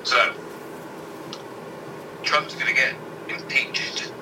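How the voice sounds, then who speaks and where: A man's voice: medium pitch, animated, a little slow. A man co-hosting casual banter, reading news headlines aloud in an irreverent, sweary way and stumbling over the words. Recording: distant mic with loud background noise.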